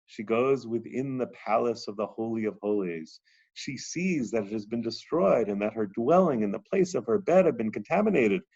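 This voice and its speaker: A man's voice: on the low side, a little mellow, dull audio. A man lecturing on a text, reading passages aloud with rising drama and then explaining them.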